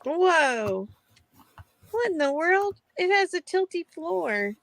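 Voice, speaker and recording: A woman's voice: very high voice, big pitch swings, no echo. A woman co-hosting a live craft sale, giggly and chatty, counting down the bids. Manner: giggly, slow and warm, counts down auctions. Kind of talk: casual live-stream chat.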